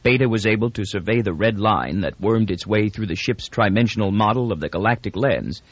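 A man reading a novel aloud as an audiobook narrator, telling it in an expressive, even way. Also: fairly low pitch, fairly quick, husky, dry recording. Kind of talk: scripted narration. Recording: dull, lo-fi dry recording.

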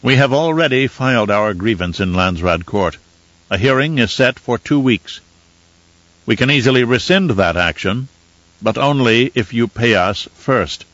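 A man voicing a calculating male envoy who speaks in a firm, measured manner, in a dull, dry recording. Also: mid-range voice, lively intonation, fairly bright tone, no echo. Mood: cool.

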